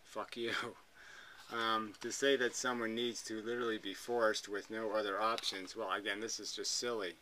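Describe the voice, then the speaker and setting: A man's voice: on the low side, flat delivery, moderate pace, bright, forceful tone, a little hiss or hum, poor audio. A man hosting a commentary video, ranting in a blunt, combative way and swearing freely. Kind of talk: profane combative rant.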